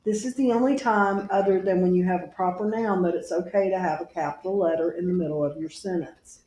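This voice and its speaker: A woman teacher giving a recorded grammar lesson to her class, patient and deliberate, spelling out each punctuation mark aloud. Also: fairly low pitch, steady tone, dark tone, echoey room, slight background noise.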